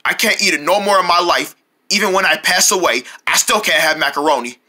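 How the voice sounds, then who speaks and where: Someone doing a sick little cartoon blob, whiny and gaggy, bright voice, groaning between lines. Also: medium pitch, fairly quick.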